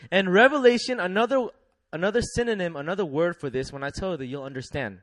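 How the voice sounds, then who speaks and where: Young guy preaching, high voice, chuckles a lot, gets the crowd repeating words, dry close sound. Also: quick pace, dry recording. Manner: lively, laughing often, call-and-response with congregation. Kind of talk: sermon.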